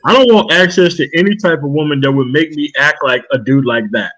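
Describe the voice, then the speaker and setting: Husky male panelist, a bit high-pitched, blunt, faint music behind. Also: brisk, a bit bright, poor audio. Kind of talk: casual chat.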